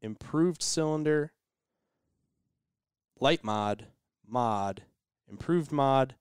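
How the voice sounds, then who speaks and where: Guy on a podcast walking through the details, mid-pitched smooth voice, dry close mic. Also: extremely slow, no room sound. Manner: explanatory, lots of agreeing murmurs. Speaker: podcast guest. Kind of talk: casual chat.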